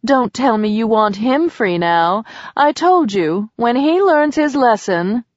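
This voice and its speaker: A woman's voice: fairly high pitch, sing-song, slow pace, dry recording, pitched above the performer's own voice. A woman voicing a doting goddess mother who plays innocent, in a slightly muffled recording. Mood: coy. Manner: teary then coy and innocent.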